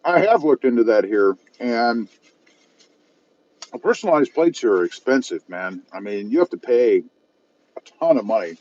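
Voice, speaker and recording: A man's voice: mid-range voice, very animated, moderate pace, long pauses, a little mellow, muffled recording. A man from South Texas chatting casually on a live stream from his parked car while eating and reading viewer comments aloud, self-mocking and easygoing. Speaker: car channel host reading live chat. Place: parked car at a fast-food restaurant.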